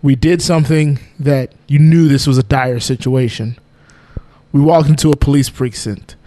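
A man's voice: medium pitch, fairly even intonation, normal speed, mellow. A man co-hosting a podcast, telling a long rambling story in casual chat and laughing often. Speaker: podcast co-host.

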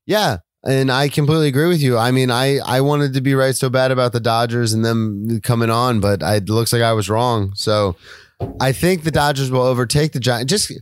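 A man co-hosting a casual sports podcast, jumping in with opinions and laughing at his partner's claims. His voice sits at an everyday middle pitch. The sound is dry and close, with no room echo. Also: fairly quick, clear, resonant tone. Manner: laughing, interrupting banter. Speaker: co-host.

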